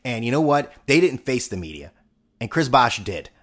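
A man's voice: medium pitch, big pitch swings, normal speed. A young man hosting a podcast, talking in a rambling, sarcastic and profane monologue. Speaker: podcast host. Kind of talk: casual monologue.

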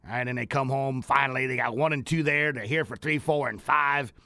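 A man's voice: mid-range voice, fairly even intonation, a little fast, bright, forceful tone, dry recording, clean studio sound. A man hosting a talk radio hour on business leadership, talking energetically and repeating phrases for emphasis. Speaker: radio show host and leadership coach.

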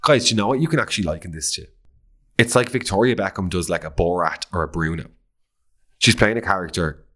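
An Irish man with a low voice hosts a pop-culture podcast. He talks in a camp, gossipy way, swears freely and gushes over celebrities. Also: expressive, fairly quick, fairly bright tone. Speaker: podcast host. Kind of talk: casual pop-culture chat.

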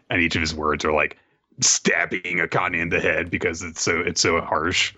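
A man's voice: low-pitched, flat delivery, moderate pace, sharp tone. A man hosting a podcast, recapping an anime episode in loose casual chat with lots of fillers and restarts. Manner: rambling, many fillers and restarts.

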